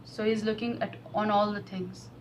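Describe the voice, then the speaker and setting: A woman's voice: medium pitch, level tone, normal speed, poor audio. Earnest lady doing a tarot reading on camera, emotional, faint hiss behind. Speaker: tarot reader.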